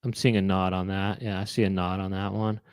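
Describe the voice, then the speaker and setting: A man's voice: sits low, level tone, brisk, clean tone, no room sound, studio quality. Rambling male chat-show host. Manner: rambling, musing aloud with many fillers and restarts. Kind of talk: casual chat with live viewers.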